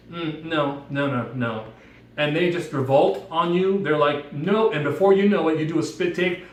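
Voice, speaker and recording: A man giving a playful devotional talk with props, telling a story in a jokey, animated way. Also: fairly high pitch, a little hiss or hum. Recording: echoey room, mic at a distance.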